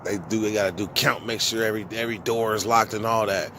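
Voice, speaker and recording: A man casually telling a long story from his own past, with profane, slangy speech and animated quoted dialogue. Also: lowish voice, fast, noisy background. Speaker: vlogger.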